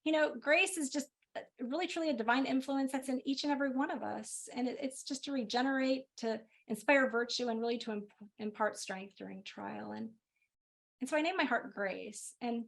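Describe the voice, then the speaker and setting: Middle-aged woman, physician guest, lively storytelling, slightly high voice. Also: a little fast, creaky. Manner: animated storytelling, lively laughs. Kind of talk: personal story in a webinar.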